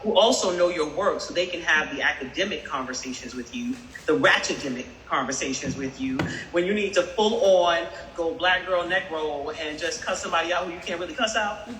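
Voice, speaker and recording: Earnest woman with a bright, forward voice. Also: low voice, a little fast, reverberant, big-room sound, distant mic, a little hiss or hum, low-quality recording. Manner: earnest and encouraging, with faith language. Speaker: school principal, new deputy superintendent. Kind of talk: grateful speech on a group video call.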